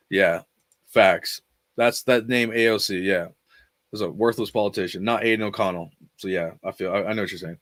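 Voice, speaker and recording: A man running a fan channel rants about football and reads out chat comments, blunt, profane, and rambling with heavy emphasis. His voice is on the low side and fairly bright, at a normal speed, in a dry recording.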